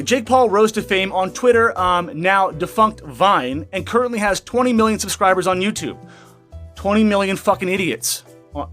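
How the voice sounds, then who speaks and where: Young guy with a high voice ranting and cussing over the news, sarcastic, faint music behind. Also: fairly bright tone. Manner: profane, angry, sarcastic ranting. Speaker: commentary YouTuber.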